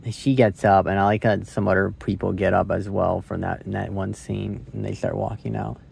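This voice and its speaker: A man's voice: low voice, little pitch movement, a little fast, gravelly, a little mellow, breathy edge. A young man reviewing a movie into his phone in a casual, rambling way, cursing freely and thinking aloud. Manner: rambling, curse-laden, thinks aloud with many likes and rights.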